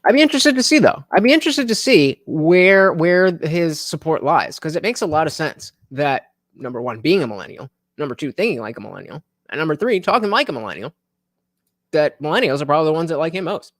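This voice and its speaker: A man with a slightly high voice hosts a political livestream, speaking close to the mic. He thinks out loud, stumbling through fillers and restarts. The sound is dry and upfront, with no room around it. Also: very animated, no room sound. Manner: halting, many fillers and restarts. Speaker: livestream host. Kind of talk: casual political commentary reading live chat.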